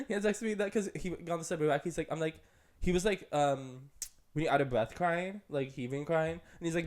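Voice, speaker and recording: A man's voice: a little fast, a little mellow. A young man co-hosting a podcast, telling a long story in casual chat with lots of "like" and "um". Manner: chatty, rambling, full of "like" and "um"; jumps up high for quoted voices and laughter. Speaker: podcast co-host.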